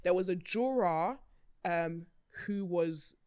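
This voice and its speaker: A lower-voiced woman hosts a casual podcast chat. She talks in an animated, chatty way, laughing often and swearing freely. Her voice sounds dry and close, with no room around it. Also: takes it slowly, smooth, no room sound. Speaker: podcast host.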